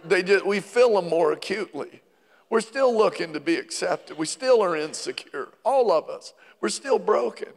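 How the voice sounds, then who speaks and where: A man with a notably high voice preaches a sermon, spinning a funny story with growing excitement. His voice rings out with a long hall reverb from a large church auditorium. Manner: storytelling with rising excitement and joking asides. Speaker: pastor.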